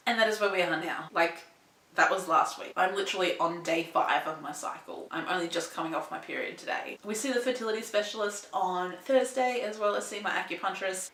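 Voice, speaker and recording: A woman's voice: medium pitch, a bit bright, distant mic. A young adult woman telling her personal story on a vlog, candid and emotional, piling up repeated phrases. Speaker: vlogger. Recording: roomy echo.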